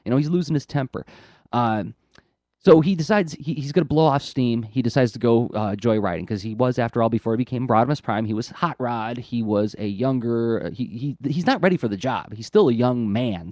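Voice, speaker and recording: A man's voice: mid-range voice, animated, fairly quick, darkish tone, no echo. A man co-hosting an art podcast, talking casually and enthusiastically with lots of fillers and restarts. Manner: enthusiastic, rambling, frequent fillers. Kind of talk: casual explaining chat. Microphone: close podcast mic.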